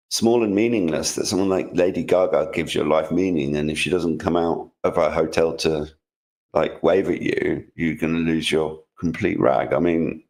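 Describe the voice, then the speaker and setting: Very deep-voiced man, sarcastic. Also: a little mellow. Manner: sarcastic, rambling with restarts. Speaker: co-host. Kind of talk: casual news commentary chat.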